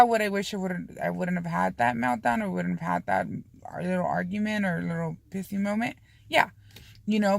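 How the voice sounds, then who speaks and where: A woman's voice: on the low side, gravelly, dry recording. A woman vlogging in a casual, confessional way, rambling candidly with frequent swearing and lots of "you know" and "um". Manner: heavy use of fillers like "you know" and "um".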